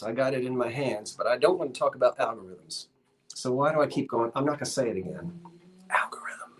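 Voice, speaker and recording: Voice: medium pitch, fairly bright tone. Rambling chatty live-sale host. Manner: rambling, chatty, self-deprecating asides; reads viewer comments and runs countdowns. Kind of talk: casual live-stream selling chat. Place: shop, indoors.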